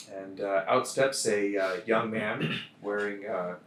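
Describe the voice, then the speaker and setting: A man's voice: lowish voice, steady tone, slow, a bit bright. A man narrating as game master of a tabletop game, with a hesitant manner full of fillers. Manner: hesitant, many fillers, bursts into laughter. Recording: roomy sound from a distant mic with faint noise.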